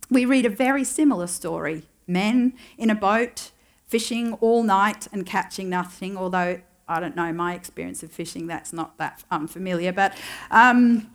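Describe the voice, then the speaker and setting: A woman preaches a sermon to a congregation in an easy, conversational way, reflecting and wondering aloud as she retells a story. She slips in dry little asides, and her voice sits at a middling pitch for a woman.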